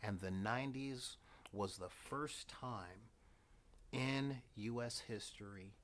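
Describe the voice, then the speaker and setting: A man's voice: mid-range voice, takes it slowly, fairly bright tone, a little hiss or hum. A man in his forties talking casually as host, with wry, dramatic, sighing asides. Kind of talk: casual rambling monologue.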